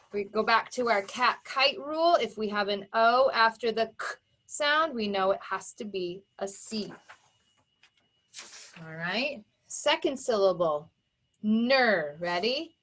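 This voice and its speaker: Woman teacher for a children's phonics video: slightly high voice, slow and exaggerated, chops words into sounds, encouraging. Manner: sounds words out slowly and emphatically, warm encouraging praise.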